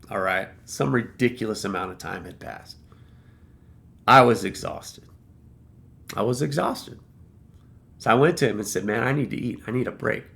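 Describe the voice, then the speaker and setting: Gravelly guy ranting about an old job, blunt, swears a lot, repeats himself for emphasis. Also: medium pitch, a bit bright. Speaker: vlogger telling a work story. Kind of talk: casual storytelling rant.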